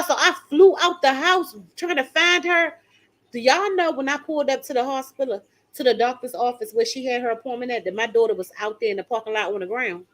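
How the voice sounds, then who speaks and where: Older woman hosting a live stream, emphatic and talking straight to viewers. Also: a little high. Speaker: channel host reading viewer comments. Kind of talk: casual live-stream chat.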